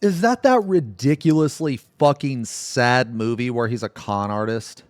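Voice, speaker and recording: A man's voice: mid-range voice, unhurried, dry recording, clean studio sound. A man livestreaming, chatting casually with viewers in a rambling way, often laughing and swearing.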